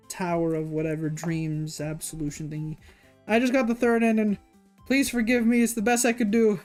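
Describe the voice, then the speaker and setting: A streamer chatting casually on a livestream in a rambling way, whose voice leaps high when excited. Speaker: streamer reacting to game announcements.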